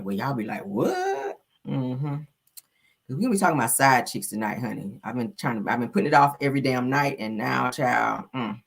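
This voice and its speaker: A woman's voice: rumbling low, vocal fry, husky. A woman hosting a gossip livestream, talking sassily with drawled asides and frequent laughter. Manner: sassy and drawling, peppered with "honey" and "child"; laughs often while mocking. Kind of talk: casual live commentary.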